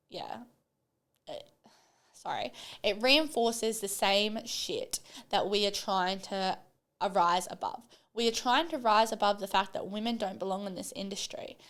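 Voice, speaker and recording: A young adult woman hosting a solo podcast, talking bluntly and passionately and swearing freely. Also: medium pitch. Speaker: podcast host.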